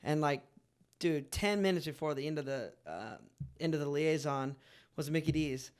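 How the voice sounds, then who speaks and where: A man's voice: fairly high pitch, moderate pace, clean tone. A young man hosting a podcast, telling a story in a laid-back, casual way and saying "dude" a lot. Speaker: podcast host. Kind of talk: casual chat.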